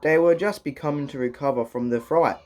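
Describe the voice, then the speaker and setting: A man reading a children's book aloud in a casual, halting way. He restarts lines and drops swear words in his asides. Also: a little high, darkish tone. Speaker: reader.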